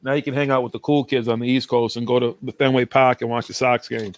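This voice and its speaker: A man's voice: medium pitch, level tone, fast. A man hosting a livestream chat, rambling and swearing freely, often restarting his sentences. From New England. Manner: rambling, profane, restarts a lot. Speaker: livestream host. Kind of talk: casual chat.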